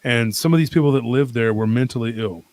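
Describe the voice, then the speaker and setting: A man telling a long personal story as a podcast guest, rambling and animated, with many fillers and restarts. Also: medium pitch, fast talker, no room sound.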